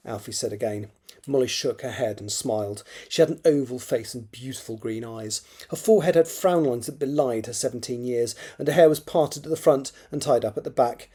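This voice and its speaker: Husky-voiced man reading his own draft. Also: mid-range voice, dark tone. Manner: halting, rereads and corrects phrases, mutters asides under his breath. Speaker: author.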